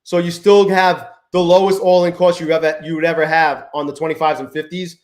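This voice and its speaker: A man hosting a live trading stream, chatting with viewers, swearing often and swinging between low mutters and exasperated outbursts. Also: little pitch movement, brisk, a little mellow, reverberant. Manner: profane, exasperated, talks to chat. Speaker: livestream trading host.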